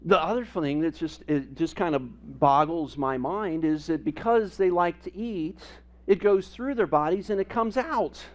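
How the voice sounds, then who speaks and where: A man preaching a sermon as pastor, telling family stories with humor and animated emphasis. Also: a little high, measured pace, few pauses. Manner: storytelling with humor, animated and lively.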